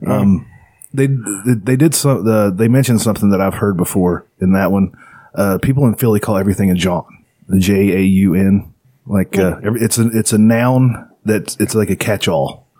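A man's voice: lowish voice, moderate pace, dark tone, husky. A man in casual chat who tells stories and teases his friends dryly. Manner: dry teasing, storytelling.

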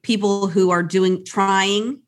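A woman talking as a podcast guest in casual chat, animated and laughing often as she acts out little quoted exchanges. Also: medium pitch, slow.

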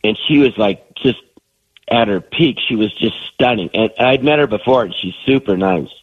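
Husky man with a cold telling stories. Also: on the low side, moderate pace, no echo, phone-quality sound. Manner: rambling storyteller. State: has a cold. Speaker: guest comedian. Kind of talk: casual radio interview.

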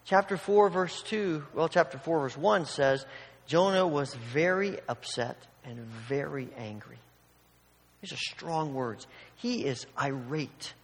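High-voiced man preaching in a reverberant hall. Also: slow, slightly rough. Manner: animated storytelling, acting out quoted voices. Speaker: pastor. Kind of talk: sermon.

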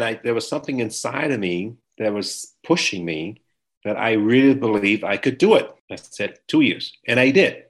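A man in his sixties being interviewed, telling his life story with emotion and acting out the people in it. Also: mid-range voice. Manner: emotional, animated storyteller who acts out quotes. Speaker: interview guest.

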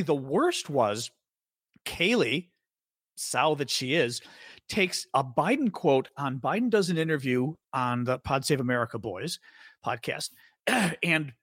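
A man co-hosting a casual political podcast, his voice slightly husky and a bit higher than most. He talks in a lively, sarcastic way, and his pitch swings widely as he mimics quotes. The sound is close and dry. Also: no room sound. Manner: animated, sarcastic, swearing, mocking quoted voices. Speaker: podcast co-host.

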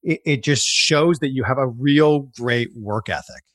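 A man's voice: mid-range voice, a little slow, a bit bright. A man hosting an interview, chiming in with short, encouraging reactions. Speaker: interview host. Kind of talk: casual interview.

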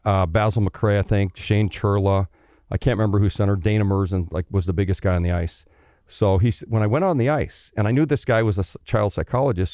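This is a middle-aged man from Canada with a fairly low voice, recorded close on a dry mic. He tells his stories in a loose, animated way, swearing freely. He slips into the voices of the people he quotes. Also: no room sound. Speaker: guest, former pro hockey player. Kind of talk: casual storytelling.

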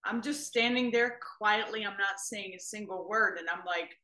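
Bright-voiced woman recounting a story. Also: medium pitch, moderate pace, reverberant, a little hiss or hum. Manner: expressive, quotes herself. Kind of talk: storytelling in casual conversation.

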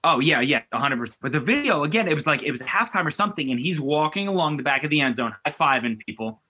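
Bright-voiced East Coast guy chatting. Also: a little high, fast talker, husky. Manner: animated storytelling, many restarts and fillers. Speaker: podcast guest. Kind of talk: casual sports chat.

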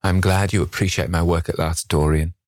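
A man's voice: sits low, steady tone, a little fast, no room sound, clean studio sound, close to an everyday voice. A man reading an audiobook and voicing an earnest, devoted painter who speaks in a wounded, sincere way. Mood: cold.

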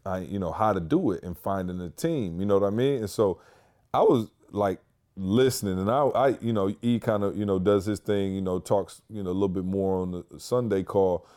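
A man's voice: sits low, warm tone. A man co-hosting a podcast in casual chat, loose and rambling, often saying "you know.". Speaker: podcast co-host.

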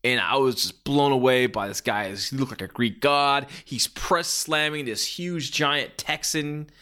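The podcast host, a man in his forties, speaks a little slowly in a medium-pitched voice that sounds pushed and bright. His casual monologue wanders from story to story with eager energy and many fillers.

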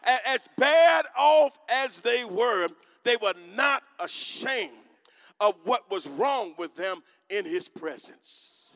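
A male preacher giving a sermon in rhythmic phrases, calling on the congregation to answer and swinging from quiet talk to shouting. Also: very high-pitched, animated, slow.

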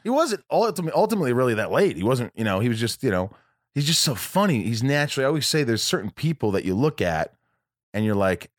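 An American podcast host talks casually from a room in his home, rambling with plenty of fillers and restarts. His mid-range voice moves fast with big pitch swings, and the recording is dry and studio quality.

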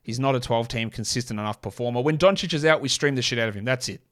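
Blunt, sarcastic male sports host. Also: medium pitch. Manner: blunt, sarcastic, rapid-fire stat reading. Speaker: podcast host. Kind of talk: casual sports stats commentary.

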